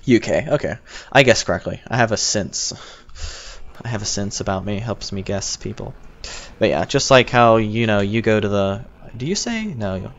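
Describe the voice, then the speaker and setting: This livestreaming gamer, a young man from the US, has a lowish, animated voice with vocal fry and a moderate pace. He chats casually, rambling and replying to viewers, and the stream sound is dull and lo-fi with faint noise.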